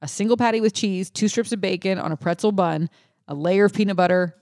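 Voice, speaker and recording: A woman's voice: mid-range voice, fast talker, a little mellow, no room sound. A woman co-hosting a podcast, chatting casually and laying out segments in a dry, matter-of-fact way. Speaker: podcast co-host. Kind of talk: casual chat, reading a news segment.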